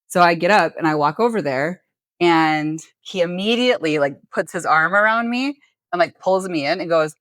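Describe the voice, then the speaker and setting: A woman with a low-pitched voice tells a story as a podcast host in casual chat. She acts out the dialogue and swears freely. The recording is dry and close-miked. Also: normal speed, fairly bright tone, dry recording.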